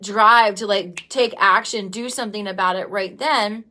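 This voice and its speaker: A woman's voice: medium pitch, fairly even intonation, moderate pace, bright, forceful tone. Tearful woman rambling on a livestream. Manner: rambling, heartfelt, many "um" and "like" fillers; greets live viewers by name. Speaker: livestream host and business coach. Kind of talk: casual livestream talk.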